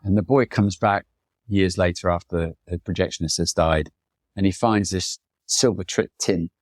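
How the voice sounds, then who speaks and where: A man with a low voice tells long, wandering personal stories in a relaxed interview. He slips into the voices of the people he quotes. The sound is dry and close, with no room echo. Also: moderate pace. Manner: rambling anecdotal, mimics people in quotes. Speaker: photographer, podcast guest. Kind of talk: reflective storytelling in conversation.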